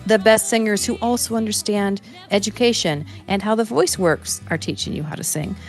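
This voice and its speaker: A woman's voice: mid-range voice, moderate pace, soft background music. An American woman, a musician guest talking casually and easily in an interview. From United States.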